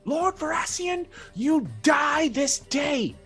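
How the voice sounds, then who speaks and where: A man voicing an enraged male villain shouting threats across a house. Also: very high voice, expressive, faint music behind, voice pushed up, heavily acted. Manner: screaming, drawn-out shouted threats.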